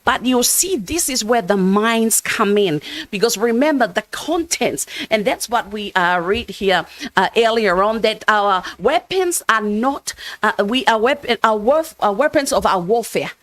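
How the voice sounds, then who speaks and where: Slow, earnest woman preaching. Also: medium pitch, lively intonation, no echo. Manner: earnest and emphatic, with many restarts. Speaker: church minister. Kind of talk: sermon. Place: church.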